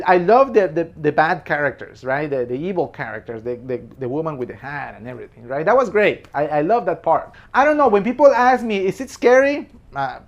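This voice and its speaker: A man giving a casual, opinionated film commentary. He talks emphatically, keeps apologizing, repeats himself and laughs between points. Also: fairly high pitch. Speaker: movie reviewer.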